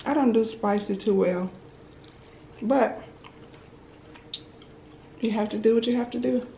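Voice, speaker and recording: A woman's voice: on the high side, a little slow, creaky, dark tone. A woman vlogger chatting casually to viewers while eating, sometimes talking with her mouth full. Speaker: mukbang vlogger. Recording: roomy echo with faint background noise.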